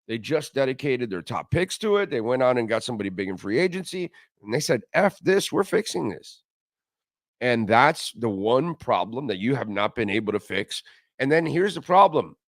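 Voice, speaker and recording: A man's voice: medium pitch, no echo, studio quality. Blunt, rambling sports radio host, man. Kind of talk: casual sports talk and live ad reads.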